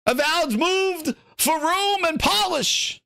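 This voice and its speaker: A man's voice: very high-pitched, takes it slowly, creaky, sharp tone, no echo, clean studio sound. A man hosting a gaming show, riffing in a profane, mocking, rambling way as casual reaction commentary.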